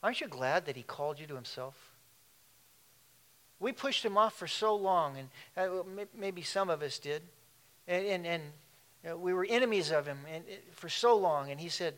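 Man, pastor preaching, animated, laughing asides, fairly high voice. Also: normal speed. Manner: animated, laughing asides, shifts between loud and hushed. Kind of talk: sermon.

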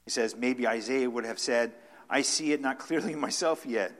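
A man preaching a sermon off the cuff, with restarts and fillers, swinging between loud emphatic stresses and quiet asides. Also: mid-range voice, moderate pace. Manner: unscripted preaching with frequent restarts and filler words.

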